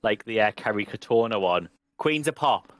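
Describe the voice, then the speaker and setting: Een enthousiaste mannelijke co-host. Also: male voice, on the low side, animated, normal speed, dry recording. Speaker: podcast co-host. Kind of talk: casual podcast chat.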